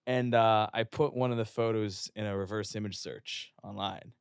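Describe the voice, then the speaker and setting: Profane, animated man telling stories. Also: on the low side, normal speed, clean tone, no echo, clean studio sound. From West Virginia. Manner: profane, animated storyteller who acts out quotes. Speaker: guest, fitness influencer. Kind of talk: casual storytelling. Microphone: podcast studio microphone.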